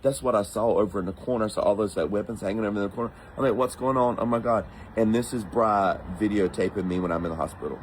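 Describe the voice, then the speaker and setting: A man from the United States tells a personal story in a relaxed, animated way. He slips into the voices of the people he quotes. His voice sits on the low side. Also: quick pace, few pauses, a little hiss or hum, low-quality recording.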